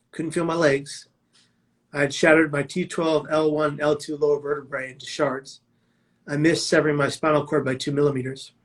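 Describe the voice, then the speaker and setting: Intense man telling his own story. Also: fairly high pitch. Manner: vivid, dramatic storytelling with emphatic quotes. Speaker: suicide prevention speaker. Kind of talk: personal storytelling talk.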